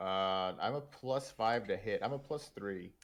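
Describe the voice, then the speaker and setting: A man playing a tabletop game, talking in an unhurried, hesitant way with many ums. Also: on the low side. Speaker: player. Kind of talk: casual tabletop game chat.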